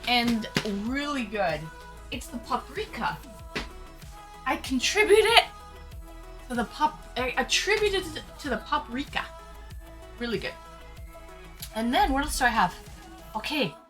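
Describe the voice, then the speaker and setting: A woman's voice: high-pitched, sing-song, a little slow, long pauses, fairly bright tone. A woman live-streaming, chatting casually with her viewers, greeting them by name and laughing a lot. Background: faint background music.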